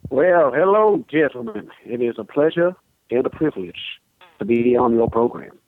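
A man's voice: mid-range voice, expressive, normal speed, no echo, natural voice. A man playing a genteel, grandiose Southern caller with a Mississippi accent, talking in formal, flowery phrases. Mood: pompous. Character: pompous genteel Southern man, football star's cousin. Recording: phone line.

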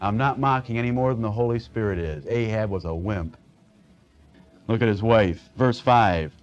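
A man's voice: on the low side, moderate pace. A man preaching through a Bible passage, mixing plain scripture reading with sarcastic, conversational asides. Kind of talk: expository Bible teaching. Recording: dull lo-fi recording.

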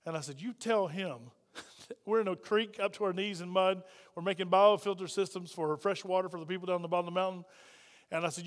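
High-voiced preacher in a reverberant hall. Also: male voice, steady tone, normal speed. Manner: storytelling preacher, swings between loud and hushed. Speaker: pastor. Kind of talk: sermon with story.

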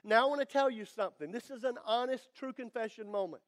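A man preaching a sermon as pastor, building to emphatic declarations with dramatic pauses. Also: very high-pitched.

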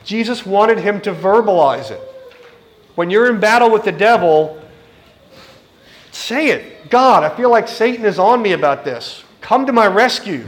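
Man, middle-aged, preacher, sermon, high-pitched, earnest, direct. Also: lively intonation, unhurried. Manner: earnest, direct, acts out quoted voices.

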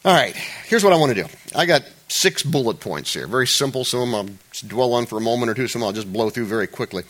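A man's voice: mid-range voice, expressive, fast, a bit bright. A middle-aged man preaching a sermon, reading scripture aloud with acted-out voices and asides, often chuckling. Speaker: pastor.

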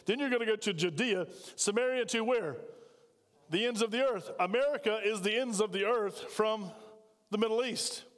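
Male pastor, high voice, conversational sermon, long church reverb. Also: moderate pace. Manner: conversational preaching, asks the congregation questions. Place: church sanctuary.

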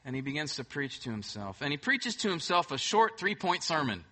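A man preaching a sermon as pastor, emphatic, swinging between loud bursts and soft, hushed moments. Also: on the high side, sing-song, brisk.

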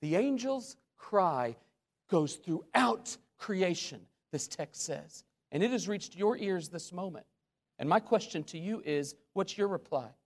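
A man preaching a sermon as a pastor, with dramatic swings between loud questions and hushed asides. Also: sits high, animated, measured pace. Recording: long hall reverb.

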